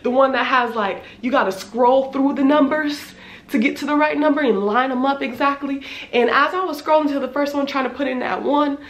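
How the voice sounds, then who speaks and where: A woman in her twenties telling a casual storytime, animated and slangy, with lots of filler words and cursing. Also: high-pitched, a little fast. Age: 20s. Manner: animated, slangy, swears freely, many "like" fillers. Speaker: vlogger. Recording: echoey room.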